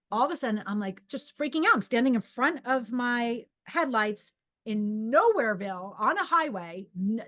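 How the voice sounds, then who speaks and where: Chatty, animated middle-aged woman storyteller. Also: fairly high pitch. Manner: animated, rambling, with many restarts and acted-out inner voices. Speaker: podcast host and psychic medium. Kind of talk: casual personal storytelling.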